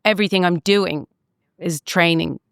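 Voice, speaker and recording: Irish woman, middle-aged chef guest, chatty, on the lower side for a woman. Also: creaky, fairly bright tone, smooth, dry recording, studio quality. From Ireland. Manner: chatty, laughs easily, quick asides. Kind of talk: casual interview chat.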